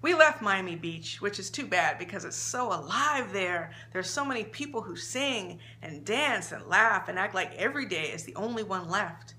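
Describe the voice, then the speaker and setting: Bright-voiced woman reading her story. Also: mid-range voice, lively intonation, moderate pace, hardly any pauses, slight background noise. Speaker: author. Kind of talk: reading her own short story aloud.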